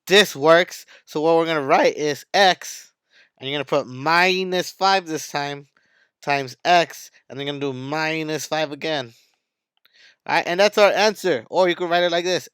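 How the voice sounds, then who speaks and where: A man's voice: fairly high pitch, a little slow, fairly bright tone, clean tone, no echo. A man teaching math in a video lesson, hyped and playful, talking straight to his students.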